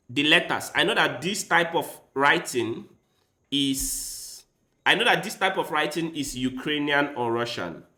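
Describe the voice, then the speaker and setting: A man's voice: mid-range voice, pushed and bright. A man streaming chess live, chatting casually with his audience and thinking aloud as he tries out foreign words.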